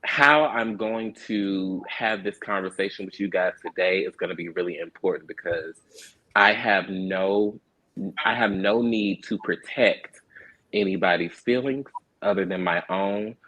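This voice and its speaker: A man's voice: deep voice, measured pace, pushed and bright, rough recording. A young adult man, a reality show cast member and producer, earnestly explaining himself in a candid panel discussion, often repeating words as he restarts.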